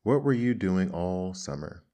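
A man's voice: sits low, animated, unhurried, warm tone. A man voicing a stern, hardworking ant who lectures and sneers in a storybook reading. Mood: scornful. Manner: scolding, sneering.

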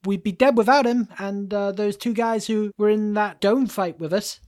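A woman's voice: medium pitch, normal speed, a little mellow, lightly acted. A woman voicing a flustered young male adventurer who rambles hesitantly.

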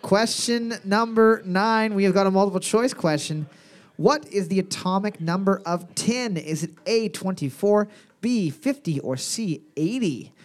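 High-voiced joking quiz host man. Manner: crude joking, repeats questions slowly. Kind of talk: live pub quiz hosting on mic.

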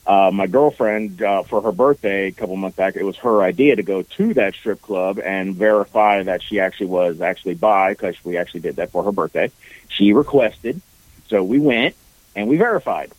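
A man from Ohio with a Midwestern accent, calling in by phone and chatting in a relaxed, plainspoken way. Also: sits low, normal speed, no room sound, poor audio. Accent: Midwestern American. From Ohio, USA. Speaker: caller. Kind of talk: phone call-in chat.

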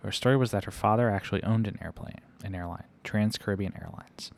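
A man with a fairly low voice reads a first-person story aloud. He keeps an unhurried, conversational pace, like someone telling a story from his own life. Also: vocal fry. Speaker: reader.

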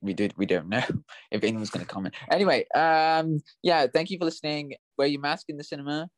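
A man's voice: fairly high pitch, fairly quick, dry recording. A man co-hosting a film podcast in casual chat, flustered and apologetic, stammering often. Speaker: podcast co-host.

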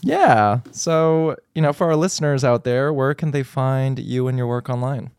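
A man's voice: mid-range voice, moderate pace, darkish tone, smooth, no echo, clean studio sound. A man co-hosting a podcast, easygoing and upbeat. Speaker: podcast co-host. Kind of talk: casual podcast chat.

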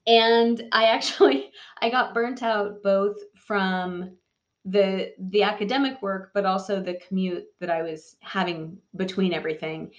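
A woman's voice: mid-range voice, fairly even intonation, a little slow, highs cut off. A middle-aged woman from the San Francisco Bay Area, a podcast guest telling her story in a candid, wry way with frequent laughs. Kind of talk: casual interview storytelling.

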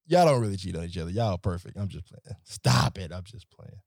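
A man rants for laughs in an exasperated, swearing voice that leaps high and then drops low. His delivery is dry and close. He sounds worked up and animated throughout. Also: a little fast, creaky, dry recording. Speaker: nightlife promoter. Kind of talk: comedic rant.

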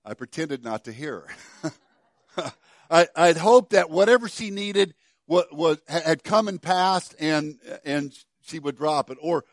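A middle-aged pastor preaching a sermon, telling a story with many stammered restarts and dropping to soft, quiet passages. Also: male voice, a little high, animated, a little slow, dry recording, studio quality.

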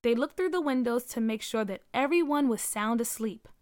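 A woman narrating a story aloud in an expressive way, giving each character a voice. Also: on the high side, moderate pace, no room sound, studio quality.

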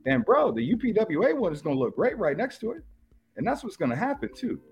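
A man's voice: sits high, sing-song, fast talker, faint music behind. A man giving a brash, streetwise wrestling rebuttal, boasting about his titles. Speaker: podcast co-host, wrestler responding.

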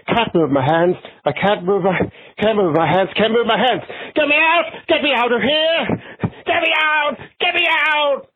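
A man's voice: very high voice, normal speed, husky, voice pushed up. A man doing an impression of a trapped man pleading frantically to be freed, heard over a tinny voicemail phone line. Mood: panicked. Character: panicked trapped man about to be eaten.

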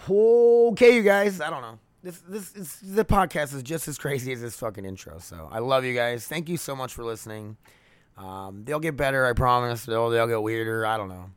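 Candid and profane, a young podcast host rambles through a casual solo episode from home by the laundry room, using a podcast microphone. He has a medium-pitched, expressive voice at a moderate pace, a clean tone, and no room sound.

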